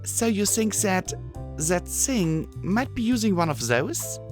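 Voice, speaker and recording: A man voicing a scrappy young mare pony, a blunt wasteland survivor who is quick to shout and grin, in an audiobook. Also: high-pitched, big pitch swings, soft background music, voice pushed up, full character voice. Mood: eager. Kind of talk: audiobook character voice.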